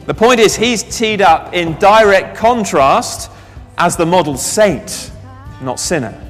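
A man preaching a sermon, telling a Bible story with lively asides and questions to the congregation. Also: sits high, takes it slowly, faint music behind. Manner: animated storytelling, reads scripture aloud, asks the congregation questions. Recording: long reverb of a large hall.

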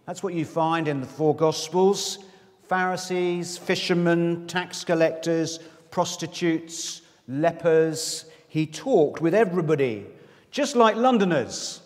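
Recorded in the echoing hall of a London church, a man delivers a sermon as a visiting minister. He's conversational and pokes fun at himself, with asides to the congregation. His voice is a little high and darkish, and his pace slow.

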